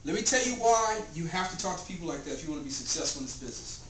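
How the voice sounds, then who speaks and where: Man, 30s, high voice, preachy sales talk, distant mic in an echoey living room. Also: animated, rapid-fire. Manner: preachy, asks the room questions. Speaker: network marketing presenter. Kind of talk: motivational sales pitch at a home gathering. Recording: roomy, distant and noisy home recording.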